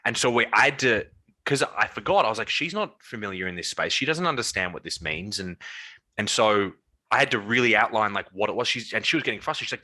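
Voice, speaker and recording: Young guy coach chatting on a podcast, low pitch, restarts a lot, earnest. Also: fast talker, poor audio. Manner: earnest, animated storytelling with many restarts. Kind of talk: casual chat.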